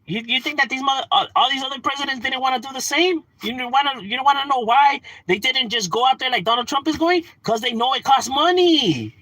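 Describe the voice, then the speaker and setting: A man's voice: extremely high pitch, a little fast, hardly any pauses, bright, forceful tone, no room sound. A man ranting casually on a livestream, swearing, slangy and laughing often. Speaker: livestream host.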